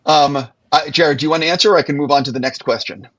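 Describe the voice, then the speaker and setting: A man's voice: a little high, fast, a bit bright. A man hosting a live panel Q&A, asking long, winding questions over a video call. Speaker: Q&A host. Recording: dull lo-fi call audio.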